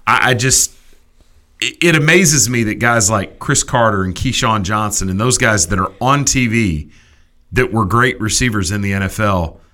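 A man hosts a sports talk debate with a bright, forceful tone. He rants emphatically, piling point on point and tripping into quick restarts as he pushes his case. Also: lowish voice. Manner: animated, emphatic ranting with restarts. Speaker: sports talk show host.

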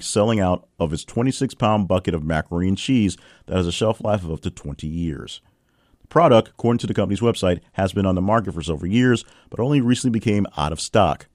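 Casual male news host, deep-ish voice, animated delivery, dry recording, quips between headlines. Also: no echo. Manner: reads headlines with wry asides and lively swings in pitch. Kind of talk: casual news roundup reading.

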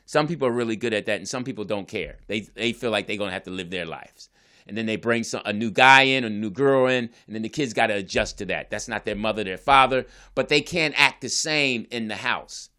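A man's voice: on the low side, brisk, pushed and bright. A divorced father telling his family story in a casual, earnest, rambling way, often restarting his sentences.

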